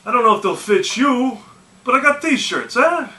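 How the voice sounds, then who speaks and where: A man's voice: very high-pitched, lively intonation, normal speed, bright, forceful tone, reverberant, far from the mic, voice pushed up, full character voice. A man voicing a chatty, pushy old Italian woman at a yard sale, in an attempted Italian accent. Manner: pushy, repeating herself.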